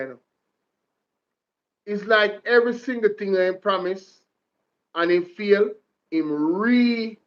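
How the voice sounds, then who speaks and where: A man's voice: high voice, highs cut off. A man with a Jamaican accent hosting political commentary, repeating lines and speaking to his viewers like a preacher. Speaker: commentary vlog host.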